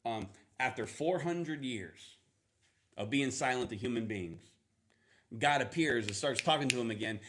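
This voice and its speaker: A man preaching a sermon in a casual, animated storytelling manner, acting out playful voices. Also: medium pitch, measured pace. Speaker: pastor.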